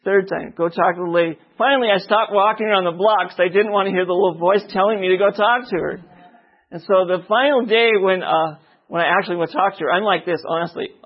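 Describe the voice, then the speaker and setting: A lay preacher gives his personal testimony in a sermon, telling his story and often asking the listeners "okay?" to check in. His voice sits high and fast, with a breathy edge, and the recording is muffled.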